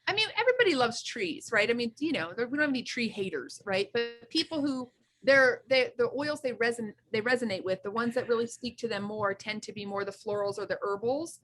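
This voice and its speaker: A woman's voice: a little high, animated, fairly quick, a bit bright. A woman co-hosting a casual chat, effusive and enthusiastic, often restarting her sentences. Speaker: co-host.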